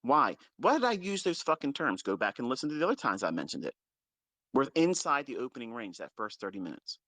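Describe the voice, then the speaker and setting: Bluntly scolding his followers in an off-the-cuff lecture laced with profanity, this man teaches trading and hammers his points home by repeating them. He speaks fairly quickly at a medium pitch, very animated and a bit bright, with no echo.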